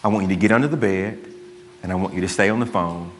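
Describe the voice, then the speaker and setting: A man with a Southern US accent, a pastor voicing a calm, menacing father on the phone during a sermon. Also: sits low, quick pace, a little hiss or hum, voice pushed down, close to an everyday voice. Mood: steady menace. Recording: long church hall reverb.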